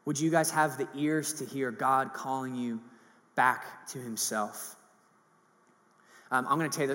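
A man preaching a sermon in a casual, animated way with many fillers. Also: mid-range voice. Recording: long hall reverb.

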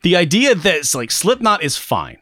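Male podcast co-host, mid-pitched, profane and rambling, dry close mic. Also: wildly swooping pitch, normal speed, sharp tone, no room sound. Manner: rambling, profane, self-deprecating, with many restarts. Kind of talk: casual chat.

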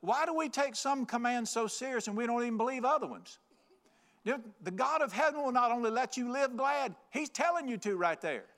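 A man's voice: very high voice, lively intonation, a little fast, fairly bright tone. A man preaching a folksy, joking, emphatic sermon. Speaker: pastor.

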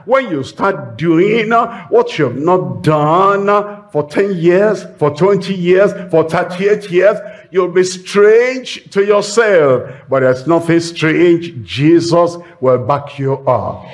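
A man's voice: fairly high pitch, animated, slow pace, hardly any pauses. A man pastor preaching a sermon in an emphatic style, repeating rhetorical refrains and acting out short exchanges.

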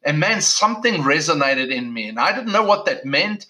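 A man's voice: fairly high pitch, big pitch swings, moderate pace, bright, forceful tone, low-quality recording. A middle-aged man from South Africa, a pastor telling his own story in a conversational way, with many restarts. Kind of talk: personal testimony talk.

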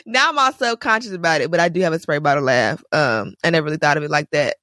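A woman co-hosting a podcast, telling stories in an animated way, laughing often and acting out quotes. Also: low voice, fast talker, hardly any pauses, dry recording, studio quality. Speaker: podcast co-host. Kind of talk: casual podcast chat.

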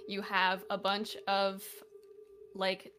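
A woman's voice: mid-range voice, completely flat delivery, slow pace, background noise. A woman narrating a tabletop game as game master, casual with many fillers and frequent laughter.

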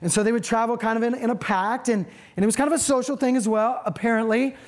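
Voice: medium pitch, quick pace. Casual, conversational preacher. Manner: conversational, animated, speaks directly to the audience. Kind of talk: sermon.

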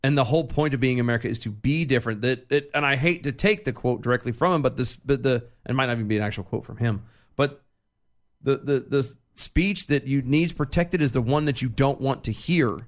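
A man's voice: medium pitch, a little fast. Earnest, emphatic man co-hosting. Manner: earnest, emphatic, repeats words as he builds a point. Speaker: podcast co-host. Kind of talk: casual chat.

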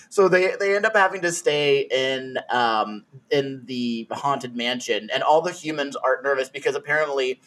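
A man's voice: medium pitch, a little slow, a bit bright. A young man co-hosting a podcast, chatting loosely with lots of fillers and giggles. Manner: giggly, rambling with many fillers. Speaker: podcast co-host. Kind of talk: casual chat.

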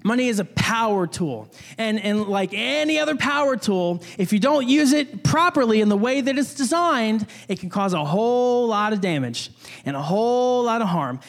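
A young man with a fairly high voice preaches in a relaxed, chatty way, full of restarts and little jokes. His words ring out with a long reverb, as in a church hall. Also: normal speed, vocal fry. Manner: conversational, many restarts, jokey asides. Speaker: pastor. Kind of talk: casual sermon.

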